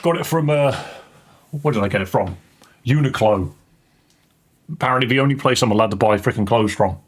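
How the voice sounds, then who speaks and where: Husky streamer guy. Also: mid-range voice, brisk. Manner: rambling, joking, swears casually. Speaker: game streamer. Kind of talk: casual live-stream chat. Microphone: headset.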